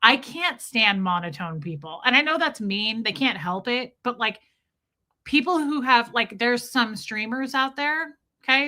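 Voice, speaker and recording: A woman hosting a livestream, chatty and animated, greeting viewers in chat by name as she comments. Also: on the high side, moderate pace. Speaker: host, livestreamer.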